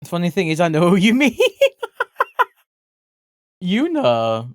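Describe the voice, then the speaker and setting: This is a livestreamer chatting away casually while drawing, with loose, unfiltered talk. The voice sits at a middle pitch, and every so often it jumps into excited squeals. The sound is close and dry, with no room around it. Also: a little slow, no echo. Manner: chatty, swears casually, bursts into excited yelps.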